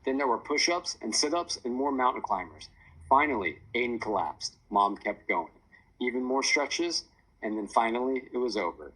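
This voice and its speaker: A man narrating a children's chapter book in a lively storytelling voice. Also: medium pitch, normal speed, slightly rough, low-quality recording. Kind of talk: audiobook narration.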